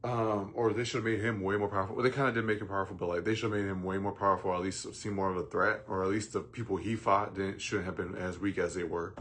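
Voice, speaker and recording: A man's voice: sits low, steady tone, fast talker, few pauses, slight background noise. A man ranting casually about a film, rambling and profane, with many fillers and restarts. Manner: bursts into loud mocking jokes. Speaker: movie reviewer. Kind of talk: casual rant.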